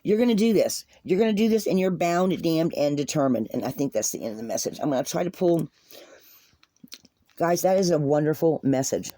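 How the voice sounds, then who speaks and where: Woman tarot reader, earnest and rambling, warm mellow voice, dry close sound. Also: sits low, lively intonation, brisk, no echo. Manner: earnest, repetitive, rambling, addresses viewers as guys. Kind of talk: spoken tarot reading to viewers.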